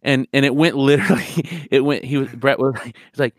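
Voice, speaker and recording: A man's voice: mid-range voice, a little fast, no echo, studio quality. A man talking as a podcast guest in casual chat, profane and rambling as he tells stories. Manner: profane, rambling, animated storyteller.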